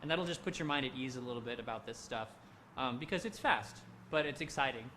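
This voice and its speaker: A man leading a handbell rehearsal, coaching players through measures and singing the rhythms on nonsense syllables in a relaxed, encouraging way. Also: medium pitch, fairly quick, slight background noise. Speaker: handbell director. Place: home, recorded for a virtual event.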